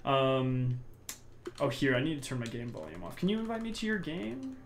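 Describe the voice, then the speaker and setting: A man's voice: medium pitch, big pitch swings, moderate pace, creaky, slight background noise. A young man hosting a casual gaming podcast from home, rambling upbeat with many restarts. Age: young adult. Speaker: podcast host.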